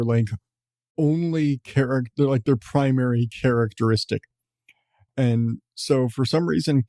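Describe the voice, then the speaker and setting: Mellow-voiced rambling podcast host guy. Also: mid-range voice, no echo, clean studio sound. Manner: rambling, profane, chuckling. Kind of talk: casual chat.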